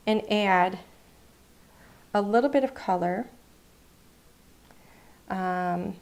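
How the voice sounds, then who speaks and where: A woman hosting a live craft class, talking quietly and half to herself while she paints. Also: mid-range voice. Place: craft studio.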